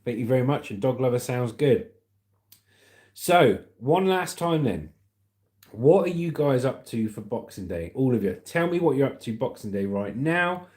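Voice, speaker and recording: Animated yet a little mellow, his medium-pitched voice moves at a normal pace. He's a British host on a casual livestream, upbeat and chatty as he reads comments and greets viewers as "mate" and "legend."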